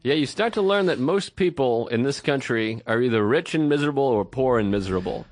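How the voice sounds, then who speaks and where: A man's voice: mid-range voice, lively intonation, a little fast, a little mellow, no room sound. A man in his thirties co-hosting a podcast, telling rambling self-deprecating stories in casual chat and acting out the quotes. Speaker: podcast co-host.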